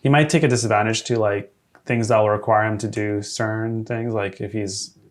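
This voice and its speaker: A man's voice: fairly low pitch, fairly even intonation. Laid-back man running a tabletop game. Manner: hesitant, many fillers, quick to laugh. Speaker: game master.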